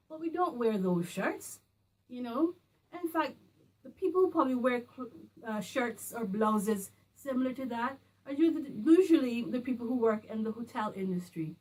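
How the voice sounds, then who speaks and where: A woman from the Caribbean talking casually to camera in a vlog, working through a numbered list in an animated, emphatic way. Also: a little high. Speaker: vlogger. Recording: a bit distant from the mic, faint music.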